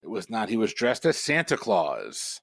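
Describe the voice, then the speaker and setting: A man hosting a pub trivia quiz, reading questions in a brisk, matter-of-fact way and bantering with the players. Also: on the low side, wildly swooping pitch, dry recording.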